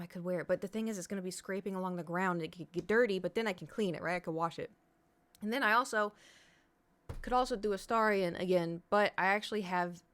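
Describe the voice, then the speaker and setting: A woman's voice: on the low side, fairly bright tone. A woman streamer, rambling in casual chat to her viewers and cursing now and then. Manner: rambling, restless, swears casually.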